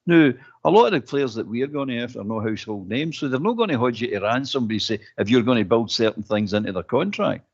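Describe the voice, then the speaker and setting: A man's voice: lively intonation, quick pace, few pauses, husky. Emphatic Scottish man on lo-fi audio. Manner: forceful, emphatic, rising pitch when insistent. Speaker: radio show panelist. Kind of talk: casual football phone-in chat. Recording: dull lo-fi audio.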